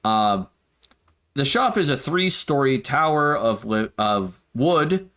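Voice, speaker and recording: A man running a tabletop game as game master, narrating scenes with many halting fillers. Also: medium pitch, expressive, a bit bright.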